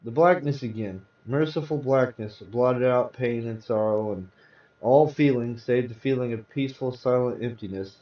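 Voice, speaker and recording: A man's voice: mid-range voice, moderate pace. A man hosting a live show, reading comic book tales aloud with dramatic storytelling. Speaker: host and reader. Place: virtual-world live event. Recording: roomy, distant, dull sound.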